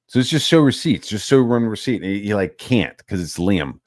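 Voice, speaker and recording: A man's voice: on the low side, fairly quick, hardly any pauses, no room sound, clean studio sound. A man ranting casually about online drama, swearing a lot and mocking others in put-on voices. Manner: profane, animated, mocks others in put-on voices. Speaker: channel host.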